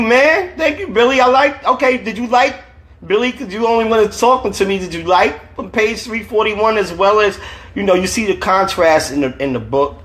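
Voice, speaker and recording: A man's voice: on the high side, a bit bright. Casual slangy man reading on a livestream. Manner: casual, slangy, chuckling often. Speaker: author reading his novel. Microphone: phone livestream.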